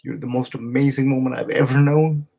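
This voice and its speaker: A man records a heartfelt video message straight into a camera, his voice gravelly and a little husky. He talks in an emotional, halting way, stopping and restarting as he goes. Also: mid-range voice, fairly even intonation, mellow. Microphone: camera he speaks into.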